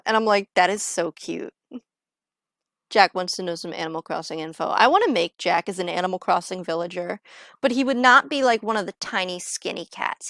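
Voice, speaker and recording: A woman's voice: mid-range voice, moderate pace, gravelly, a bit bright, no echo, studio quality. A woman chatting casually on a livestream as she plays, rambling along with lots of filler words. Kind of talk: casual livestream chat while gaming.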